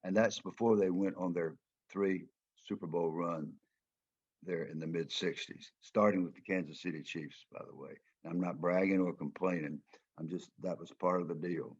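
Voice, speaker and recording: An older man with a Southern American drawl tells stories as a guest speaker. His voice is low and husky, and he speaks in a folksy, emphatic way. The sound is muffled and lo-fi. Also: steady tone, moderate pace. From Georgia, United States. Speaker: former football player and coach, guest speaker. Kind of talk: storytelling talk.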